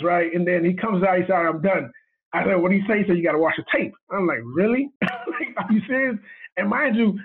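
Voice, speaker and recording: A man, a video director, tells a story in casual chat, animated and laughing as he acts out what people said. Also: high-pitched, husky. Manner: animated, laughing retelling with quoted dialogue. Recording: tinny phone line.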